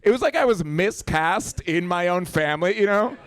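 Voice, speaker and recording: A young man from Colombia doing a stand-up comedy set on a club stage into a handheld mic, hosting the night and jumping into quick voices and impressions. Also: high-pitched. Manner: animated, jumps into voices and impressions.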